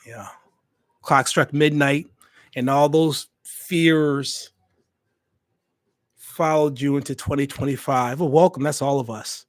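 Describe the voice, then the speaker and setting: Speaking slowly and pausing often, this man has a mid-range voice with fairly even intonation. He hosts a casual livestream for his hospitality channel, addressing viewers directly, emphatically and with repeated phrases for weight. The USB desk microphone yields studio-quality sound with no echo.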